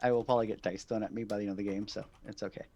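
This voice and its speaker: A man narrating as game master of a tabletop role-playing game, talking haltingly with many fillers and apologies. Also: fairly low pitch, steady tone, mellow, muffled recording, slight background noise. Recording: online voice chat.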